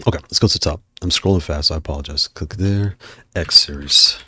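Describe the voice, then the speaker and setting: A man's voice: very deep voice, brisk, sharp tone, husky, dry recording. A man hosting a casual livestream, out of breath and chatting in a rambling way while he browses. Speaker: livestream host.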